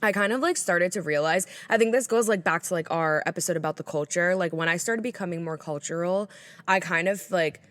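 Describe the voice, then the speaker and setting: A woman's voice: fairly low pitch, brisk, a bit bright. A young woman in her twenties co-hosting a podcast, rambling casually with many fillers and hunting for words. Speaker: podcast co-host. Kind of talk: casual chat.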